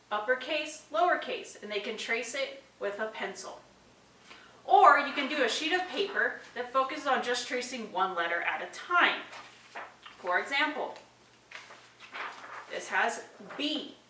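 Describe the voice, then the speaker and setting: A woman's voice: on the high side, pushed and bright, recorded from a distance, slight background noise. A woman presenting an instructional video to parents, explaining activities step by step with spoken examples. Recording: echoey room, voice a bit off-mic.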